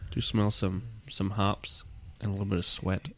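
A man co-hosting a casual beer tasting chat, teasing his friends and reading label copy aloud, his voice a little husky today. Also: deep voice, little pitch movement, moderate pace. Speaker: beer podcast co-host.

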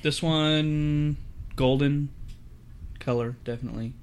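A man's voice: fairly high pitch, steady tone, takes it slowly, a little hiss or hum. A man co-hosting a casual beer-tasting podcast, thoughtful and hedging, often restarting his sentences. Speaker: podcast co-host.

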